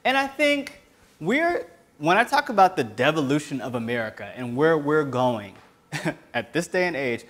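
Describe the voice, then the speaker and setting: Male host, high pitch, fiery sarcastic solo rant. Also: very animated, moderate pace. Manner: impassioned, sarcastic, breaks into yelling. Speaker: host of a web commentary show. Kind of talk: solo political commentary rant.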